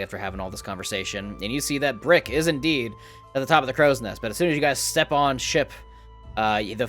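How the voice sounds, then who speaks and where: A man's voice: mid-range voice, a bit bright. A man running a tabletop game as game master, narrating in a loose, casual way with fillers. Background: faint music.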